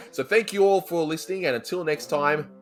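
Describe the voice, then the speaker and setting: A man's voice: on the high side, moderate pace, a bit bright, faint music behind. A man hosting a casual podcast chat as a cartoon reviewer, talking in a chatty, stop-start way and laughing often.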